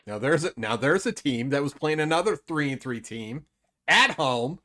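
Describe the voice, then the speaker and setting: A man's voice: on the high side, lively intonation, moderate pace, pushed and bright. A man co-hosting a casual sports podcast, rambling and hesitant with lots of fillers. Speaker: podcast co-host.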